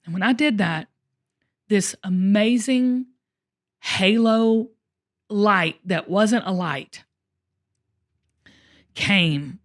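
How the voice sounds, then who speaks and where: A woman host telling a personal story in casual conversation, emotional and expressive, often speaking straight to her listeners. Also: mid-range voice, very slow, long pauses. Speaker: show host.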